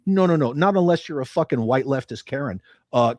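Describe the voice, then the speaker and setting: A man's voice: mid-range voice, expressive, moderate pace, darkish tone, no echo. An American man hosting a casual livestream, reading chat comments and ranting bluntly with a lot of swearing. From United States. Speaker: livestream host.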